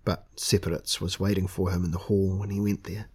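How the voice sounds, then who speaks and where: Deep husky male fantasy narrator. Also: level tone, a little fast, darkish tone. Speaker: audiobook narrator.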